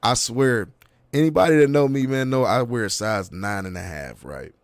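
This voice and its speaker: A man in his thirties telling a long story in casual chat, with animated delivery and heavy street slang, acting out what people said. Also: mid-range voice, normal speed, no room sound. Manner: animated, profane street slang, acts out quotes. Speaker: podcast host.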